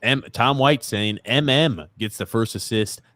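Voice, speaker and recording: Speaking a little slowly in a medium pitch, this co-host of a live hockey watchalong podcast gets excited over plays and reads viewer comments aloud. The recording has no room sound.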